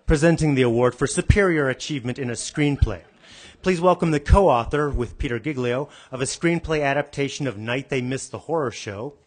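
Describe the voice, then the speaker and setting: A man emceeing an awards ceremony, reading a comic screenplay-style scene in a deadpan way to a banquet crowd. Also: medium pitch. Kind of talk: comic scripted reading to a live audience. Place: banquet hall stage.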